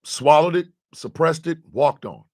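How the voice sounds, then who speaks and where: Gravelly-voiced man in a heated monologue. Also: on the high side, lively intonation, measured pace. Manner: emotional, profane, swings from quiet confession to loud outrage. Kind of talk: impassioned monologue.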